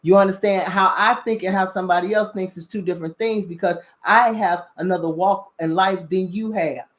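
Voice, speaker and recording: A woman hosting a spiritual talk show speaks a little fast in a lowish, steady voice. Her casual commentary preaches bluntly, is full of cursing, and is punctuated by repeated "you understand?" questions.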